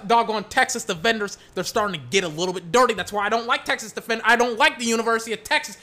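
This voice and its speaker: Watching game clips, a young man talks football in a high voice, speaking fast with hardly any pauses. He is rambling and excitable, slipping into mock play-by-play, and there is slight background noise.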